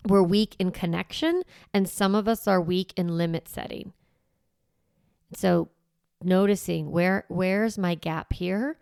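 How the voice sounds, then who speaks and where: Gravelly low-voiced mother teaching calmly. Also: no echo, studio quality. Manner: conversational, reflective, self-correcting. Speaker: parenting coach and podcast host. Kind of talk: casual teaching monologue.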